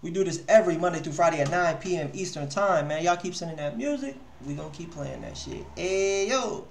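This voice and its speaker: A man's voice: fairly high pitch, lively intonation, a little fast, creaky, slight background noise. A man hosting a live music review stream, talking loosely in slang and swearing freely. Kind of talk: casual livestream chat. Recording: echoey room.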